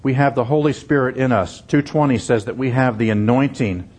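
A man's voice: medium pitch, fairly even intonation, fairly quick, darkish tone, slightly rough. A middle-aged man delivers an expository sermon in a mid-range voice. He is earnest and emphatic. He leans on repeated phrases to drive each point home. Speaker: pastor.

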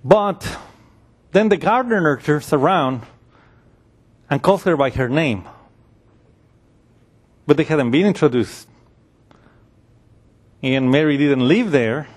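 Conversational preacher, man, slightly high voice. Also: lively intonation, slow pace, pauses often. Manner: conversational, acts out voices of the people in the story. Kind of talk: sermon.

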